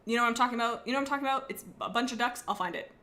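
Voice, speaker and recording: A woman with a bright, sharp voice talks in a loose, joking way, rambling from one thought to the next. She chats casually with her stream audience as the host. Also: a little high, very fast. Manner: rambling and jokey, chatting to viewers. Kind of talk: casual live-stream chat.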